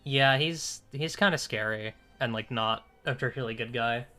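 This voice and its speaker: Casting: young man, live game streamer, crisp bright voice, casual joking banter, faint music behind. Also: mid-range voice, normal speed. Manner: casual, joking, laughs often, swears. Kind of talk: live gaming commentary.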